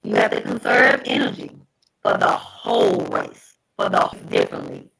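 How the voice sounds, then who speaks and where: A woman's voice: extremely low pitch, huge pitch swings, vocal fry, a bit bright, breathy edge. A woman presenting on caregiving during a livestream over a call, earnest and repeating herself as she goes. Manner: slow, earnest, repeats words. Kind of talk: encouraging talk on a livestream.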